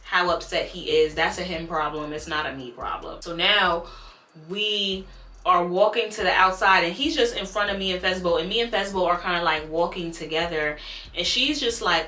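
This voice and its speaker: Young woman ranting a storytime, bright voice, cusses a lot, echoey room. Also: on the low side, moderate pace. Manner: animated, blunt, swears freely. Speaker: YouTuber telling a storytime. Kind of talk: casual storytime vlog.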